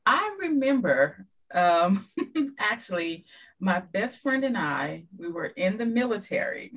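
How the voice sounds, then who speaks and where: A woman's voice: mid-range voice, slow pace, rough recording. A woman guest in a casual podcast chat, telling stories and acting out dialogue. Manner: lively storyteller who acts out dialogue.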